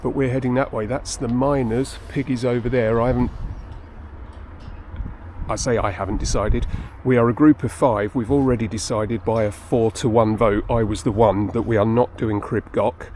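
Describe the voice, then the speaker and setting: Holding his phone close as he hikes up a crowded mountain path, a man vlogs in a relaxed, self-mocking way, slightly out of breath. The voice is medium-pitched and a little mellow, with fairly even intonation at a moderate pace, plus a little hiss or hum.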